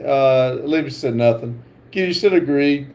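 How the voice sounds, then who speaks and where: A man hosting a livestream, reading viewer comments aloud with halting pauses and fillers. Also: mid-range voice, darkish tone. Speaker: livestream host.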